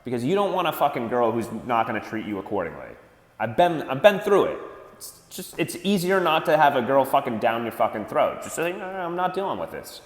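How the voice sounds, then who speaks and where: Speaking briskly and with great animation in a mid-range voice, a man delivers blunt dating advice as a profane rant, swearing freely and mocking others with put-on voices. The room is echoey, with a long reverb.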